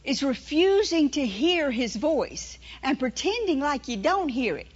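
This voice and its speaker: A woman preaching a sermon, telling stories and acting out voices with lively delivery. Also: sits high, unhurried, muffled recording. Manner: storytelling, animated, acts out inner voices.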